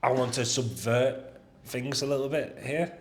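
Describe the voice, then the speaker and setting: A man's voice: mid-range voice, steady tone, a little slow, a little hiss or hum. A man in casual chat as a podcast guest, enthusiastic and crude as he gushes.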